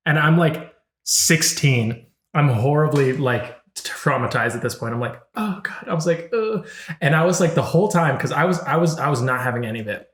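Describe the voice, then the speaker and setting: A man's voice: mid-range voice, a little fast. Young guy telling stories in an echoey room. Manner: laid-back storyteller, swears a lot, acts out quotes. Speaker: podcast co-host. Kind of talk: casual chat. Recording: roomy echo.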